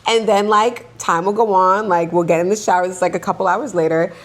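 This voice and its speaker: A woman co-hosting a podcast, a mother of two young daughters, telling parenting stories in a casual, animated way with lots of "like". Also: on the low side, a little fast. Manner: animated storyteller, heavy use of "like". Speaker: podcast co-host.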